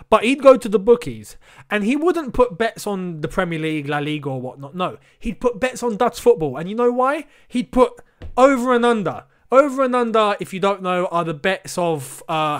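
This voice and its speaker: A young man with a fairly high voice hosts his football channel in a casual solo chat. He talks animatedly, stacks up repeated phrases for emphasis and speaks straight to his viewers. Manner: animated, emphatic repetition, addresses viewers directly.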